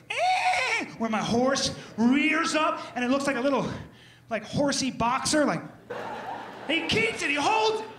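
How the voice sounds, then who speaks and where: A man tells a comic story with a high-pitched voice and big animated swings. He jumps into shouted, higher character voices. A steady noise sits behind him. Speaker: comedian. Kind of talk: stand-up style comic monologue.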